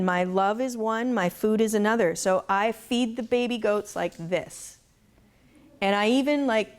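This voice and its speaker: A middle-aged woman who raises goats, speaking casually to a live audience and telling stories with laughs. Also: mid-range voice. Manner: chatty, laughing, storytelling with faith asides. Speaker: conference speaker, goat farmer.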